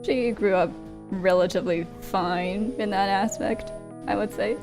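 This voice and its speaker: A woman streamer reading a visual novel aloud with quiet, wry commentary. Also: mid-range voice, steady tone, unhurried, music in the background.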